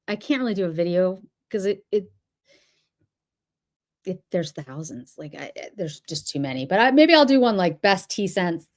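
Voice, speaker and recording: A middle-aged woman from the Boston area, chatting casually on a livestream and answering viewers' comments as she goes. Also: lowish voice. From Boston area, New England. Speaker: livestream host.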